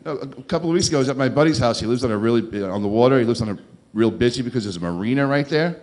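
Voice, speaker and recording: A stand-up comic working a club crowd. He is sarcastic, with dry, deadpan asides, and sits at a middling pitch for a man. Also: rapid-fire, slight background noise. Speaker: stand-up comedian. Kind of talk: stand-up comedy set. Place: comedy club stage.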